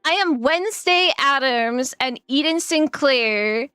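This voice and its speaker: A woman's voice: high-pitched, animated, slow, sharp tone, no room sound, studio quality, faint music behind. Giggly, rambling woman streamer. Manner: giggly, rambling, chatty with many fillers. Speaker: live streamer. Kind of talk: casual live-stream chat.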